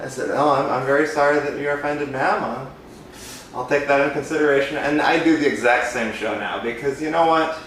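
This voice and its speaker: A man's voice: medium pitch, a little fast, a bit bright. Easygoing man in an echoey room. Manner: easygoing, self-deprecating anecdotes. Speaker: podcast co-host, balloon entertainer. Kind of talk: casual storytelling chat. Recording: very echoey room, distant mic, faint noise.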